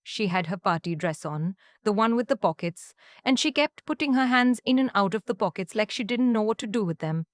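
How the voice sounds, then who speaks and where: Calm woman narrating a story, dry sound. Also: medium pitch, a little fast, no echo. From Canada (Ontario). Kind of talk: scripted first-person storytelling.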